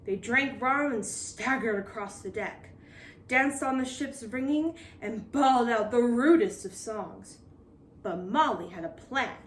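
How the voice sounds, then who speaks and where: Expressive woman reading a picture book. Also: on the high side, measured pace, distant mic, slight background noise. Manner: expressive, lively storytelling. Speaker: storybook reader. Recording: roomy echo.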